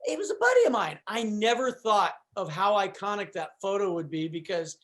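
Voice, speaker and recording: A man with a high speaking voice tells a story as a guest on a talk show. He meanders through it, doubling back on his words and dropping in asides as he goes. His delivery is casual and conversational. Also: big pitch swings, moderate pace, fairly bright tone. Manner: rambling, with restarts and "you know".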